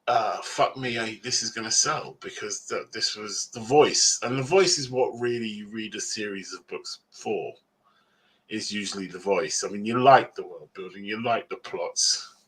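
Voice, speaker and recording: A man's voice: on the low side, measured pace, fairly bright tone, breathy edge. A man, an author guest at a convention panel, talking in a rambling, self-mocking way and laughing often.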